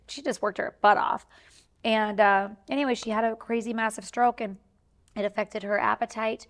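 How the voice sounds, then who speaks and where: A woman speaking as a talk show guest, telling a family story in a rambling, heartfelt way with many fillers. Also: on the high side. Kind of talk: candid interview talk.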